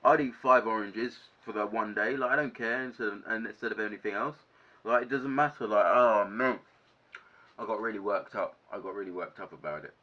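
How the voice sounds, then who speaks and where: A young man telling a casual storytime to camera, animated, ranting and swearing a lot. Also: lowish voice, a little fast. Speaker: vlogger. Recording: dull lo-fi sound.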